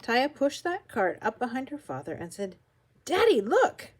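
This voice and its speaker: An older woman reading a children's picture book aloud with expressive, animated storytelling. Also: fairly high pitch, moderate pace. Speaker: storybook reader.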